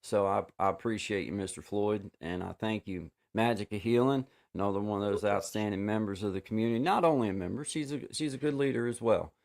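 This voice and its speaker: A man hosting a casual livestream chat over a video call, rambling with many restarts and fillers and giving warm shout-outs to viewers. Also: on the low side, fairly quick, gravelly, few pauses. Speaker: livestream host.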